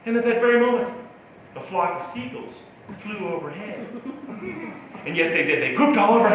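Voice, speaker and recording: A man's voice: high-pitched, lively intonation, brisk, a crowd in the background. A male motivational speaker telling a self-mocking personal story at a keynote talk in a large auditorium. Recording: echoey hall from far off.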